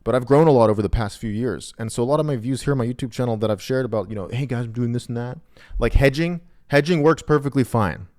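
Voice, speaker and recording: A man who runs a trading video channel, talking to camera in a casual, joking, self-mocking way, with big swings between loud and quiet. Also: mid-range voice, expressive, fast, few pauses. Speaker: trading YouTuber. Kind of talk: casual vlog monologue.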